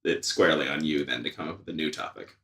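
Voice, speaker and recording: A man's voice: a bass voice, quick pace, fairly bright tone, distant mic. A man co-hosting a casual podcast chat with a dry, self-mocking, jokey manner. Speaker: podcast co-host. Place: indoor room with an audience of one. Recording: echoey room.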